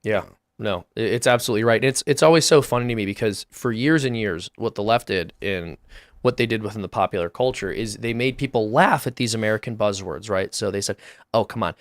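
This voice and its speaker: A man's voice: lowish voice, fairly quick. A man co-hosting a political talk show, chatting casually with wry, sarcastic asides.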